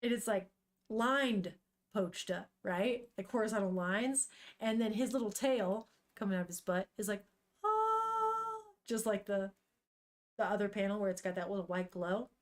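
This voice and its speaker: A woman's voice: mid-range voice, moderate pace. A woman streaming as she reads manga, chatting casually and animatedly, swearing freely and thinking aloud. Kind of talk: casual chat.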